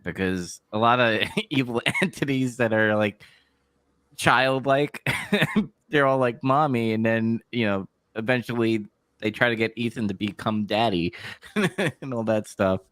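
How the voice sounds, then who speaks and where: A man's voice: lowish voice, measured pace, fairly bright tone, no echo, studio quality. A man co-hosting a casual podcast chat about a horror game, laid-back and chuckling often. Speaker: podcast co-host.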